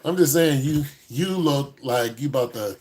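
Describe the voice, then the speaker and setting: A man giving a casual, joking critique with animated, mock-preachy asides. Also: mid-range voice, moderate pace. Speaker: dating and style commentator.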